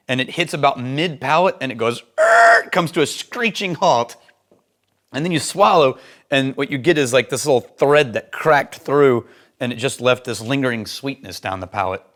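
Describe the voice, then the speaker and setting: A lively, outspoken man chatting through a whisky tasting in a casual vlog. He laughs easily, jumps between tasting notes and blunt opinions, and speeds up when he goes off on a tangent. His voice sits at an ordinary middle pitch for a man. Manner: animated, opinionated, laughs often, speeds up in asides. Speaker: whisky reviewer and host.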